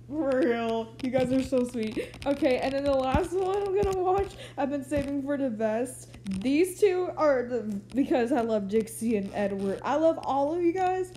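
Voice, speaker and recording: A woman's voice: high voice, expressive, normal speed, hardly any pauses, mellow, slight background noise. A teenage girl gushing with thanks in a casual reaction vlog. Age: teenage, sixteen. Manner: gushing, effusive. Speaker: vlogger reacting to birthday videos.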